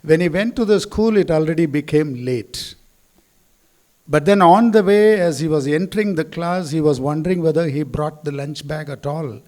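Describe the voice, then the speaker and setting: A man's voice: fairly high pitch, normal speed, mellow. A man, a school chairman giving a speech at a school event in a hall, telling stories and acting out the quotes.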